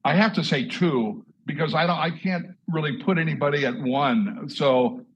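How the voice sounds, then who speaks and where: A man's voice: a little high, normal speed, dull audio, a little hiss or hum. Iowa-raised man in his 60s, stammering storyteller. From Southwest Iowa, USA. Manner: repeats words and restarts often, lively storyteller. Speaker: host, drummer.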